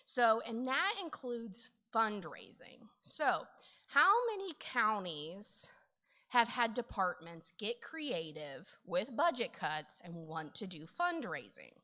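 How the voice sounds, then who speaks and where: A middle-aged woman giving a conference training talk, telling a story in an animated way with frequent laughs and "okay?" asides. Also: medium pitch, slow pace. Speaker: conference presenter on county finance.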